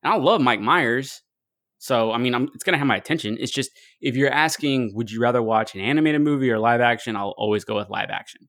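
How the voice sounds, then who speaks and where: A man in his thirties trading crude jokes as a podcast co-host. He talks bluntly and casually in a middle-pitched voice. The room is dry, with no echo. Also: quick pace, a bit bright. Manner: blunt, joking, profane. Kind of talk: casual chat.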